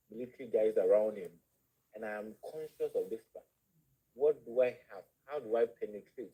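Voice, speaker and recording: A man with an African accent, a guest in a spiritual discussion, who talks haltingly and repeats words as he searches for the phrasing. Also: fairly low pitch, dark tone, breathy edge, low-quality recording. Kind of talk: spiritual discussion on a live show.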